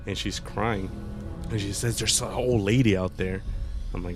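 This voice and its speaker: A man's voice: sits low, fairly even intonation, brisk, music in the background. A man casually telling a ghost story among friends, swearing and repeating himself often. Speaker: podcast co-host.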